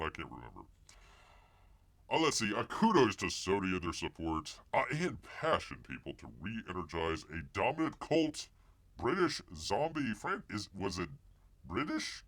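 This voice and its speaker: A man with a lowish voice hosts a casual live stream, reading the news and riffing on it. His pitch swings widely as he rambles and jokes. He talks into a desk microphone. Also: sing-song, normal speed, fairly bright tone. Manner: rambling, jokey, wonders aloud and mocks the news. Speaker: live show host.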